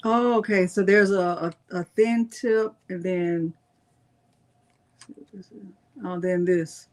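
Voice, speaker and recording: A woman's voice: fairly low pitch, steady tone, unhurried, a little mellow. A woman hosting a casual live-stream crafting tutorial, chatting with viewers and reading product labels aloud.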